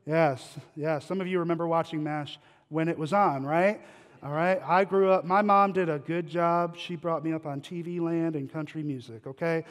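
A guest pastor with a voice on the high side preaches to a congregation in a church sanctuary, the recording carrying long hall reverb. Speaking at normal speed with fairly even intonation, he tells stories conversationally and poses questions to listeners.

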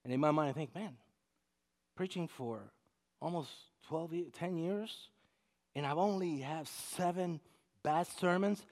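Animated high-voiced male preacher. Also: unhurried, pauses often. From Puerto Rico. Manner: animated, swings loud and soft, acts out quotes. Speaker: pastor. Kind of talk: sermon with humorous storytelling.

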